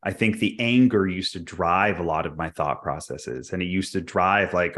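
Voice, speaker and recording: A man's voice: deep voice, a bit bright. A man co-hosting a podcast, talking candidly and reflectively in casual chat. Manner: candid, reflective, quick to laugh. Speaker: podcast co-host.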